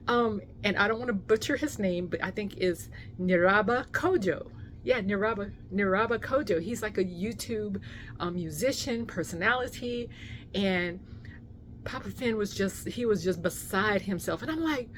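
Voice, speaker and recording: Animated woman telling a story. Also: mid-range voice, normal speed, a little hiss or hum. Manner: animated storyteller, many fillers, acts out quotes. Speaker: vlogger. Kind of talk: casual story time vlog.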